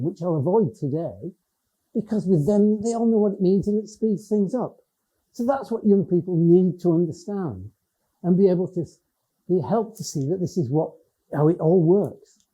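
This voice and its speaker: An older man with a northern English Cumbrian accent delivers a public lecture in a loose, conversational way, often restarting his phrases. His voice is very dark and somewhat husky. The recording sounds dull and lo-fi. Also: high-pitched. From Lake District, England. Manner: conversational, with frequent restarts and hesitations. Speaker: education professor giving a talk.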